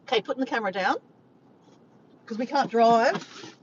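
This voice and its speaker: A woman's voice: on the high side, normal speed, highs cut off, background noise. An Australian woman chatting casually with her viewers while driving, filmed on a phone. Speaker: vlogger. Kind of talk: casual chat to a live chat. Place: in a car. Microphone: phone camera.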